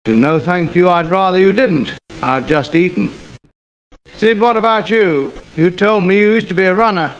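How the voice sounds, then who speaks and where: In an AI-voiced comedy sketch, a man plays a pompous, self-pitying suburban gent who gets indignant quickly. His voice is high-pitched and exasperated, and the recording sounds muffled.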